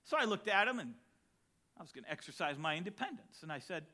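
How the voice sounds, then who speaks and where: A pastor preaching with a fiery, emphatic delivery. His voice is high and sharply bright, swinging widely in pitch as he builds to shouts on key lines. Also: sing-song, fast. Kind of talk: sermon.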